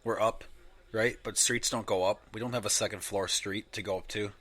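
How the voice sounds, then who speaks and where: Bright-voiced young man, profane and animated. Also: on the low side, normal speed. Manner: profane, animated, mimics other people in mocking voices. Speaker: podcast co-host. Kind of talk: casual podcast banter.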